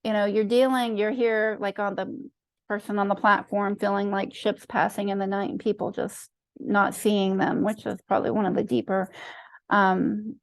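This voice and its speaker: Gravelly middle-aged woman coaching online. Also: medium pitch, level tone, normal speed, no room sound, studio quality. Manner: earnest, affirming, frequent "right?" check-ins. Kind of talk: online master class.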